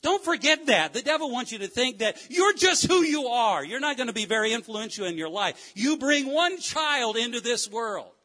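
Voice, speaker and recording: Fervent, high-pitched preacher man. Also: expressive, normal speed, hardly any pauses. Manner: swings from loud fervent cries to low quiet asides. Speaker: pastor. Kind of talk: sermon. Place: church sanctuary.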